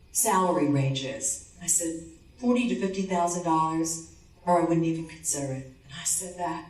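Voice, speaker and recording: Woman telling a story in an echoey hall. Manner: animated, acts out dialogue in a lower voice for the man. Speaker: conference speaker. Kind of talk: motivational presentation with storytelling. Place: conference hall. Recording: roomy hall, distant mic.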